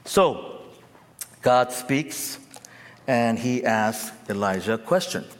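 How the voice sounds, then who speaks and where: A man preaching a sermon in a church or large hall, animated, calling on the crowd to answer him. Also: medium pitch, slow, background noise. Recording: echoey hall.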